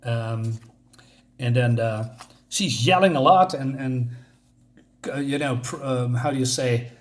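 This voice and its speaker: A man's voice: mid-range voice, takes it slowly. A man casually reviewing a comic book, searching for words with many fillers and restarts.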